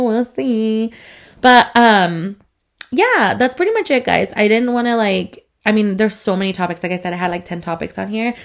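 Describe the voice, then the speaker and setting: Congested, chatty woman podcaster, rambling. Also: mid-range voice. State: congested, breathing through mouth. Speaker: podcast host. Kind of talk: casual solo podcast chat.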